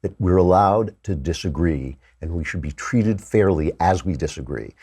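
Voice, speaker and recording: A man's voice: deep voice, expressive, normal speed, darkish tone, husky. A man hosting a political talk show, delivering a sarcastic, opinionated commentary monologue into a studio microphone. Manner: sarcastic, mocks opponents in exaggerated voices.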